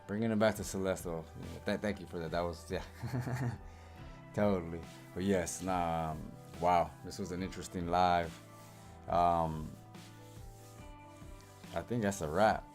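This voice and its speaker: A man's voice: low-pitched, a little slow, darkish tone, faint music behind. A man co-hosting a live stream in casual chat, laid back and reflective, leaning on "you know".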